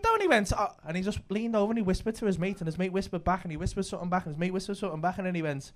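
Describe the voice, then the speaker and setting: A man with a Liverpool accent, a comedian and club host telling stories in casual chat, swearing freely with rapid banter. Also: high voice, lively intonation. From Liverpool, England.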